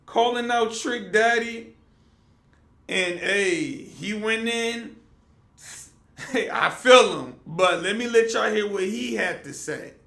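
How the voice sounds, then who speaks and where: High-voiced man in an echoey room. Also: slow, creaky, long pauses, a bit bright. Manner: laid-back, conversational, loose slang. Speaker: commentary vlogger. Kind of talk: casual reaction commentary.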